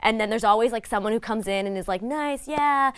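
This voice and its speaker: A woman talks through her views in a relaxed, opinionated way, full of "like" and "you know". Her pitch sits in a middle range. The sound is dry and close, with no room echo. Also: rapid-fire, clear, resonant tone. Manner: chatty and opinionated, with frequent fillers. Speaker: guest commentator on reality TV. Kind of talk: casual chat.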